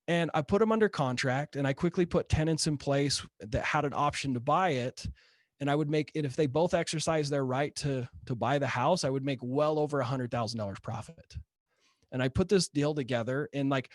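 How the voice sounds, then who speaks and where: Animated man telling his story. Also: mid-range voice, fairly quick, no echo, studio quality. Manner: animated, rising to excitement; many fillers like "right?" and "like". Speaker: guest. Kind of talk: casual storytelling.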